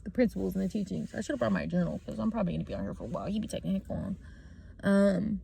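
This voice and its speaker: A woman's voice: medium pitch, rapid-fire, creaky, warm tone, slightly rough. A young woman talking casually and bluntly about spiritual healing, swearing freely while she drives. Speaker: vlogger. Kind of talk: casual spiritual car talk. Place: inside a car while driving. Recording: road noise in a moving car.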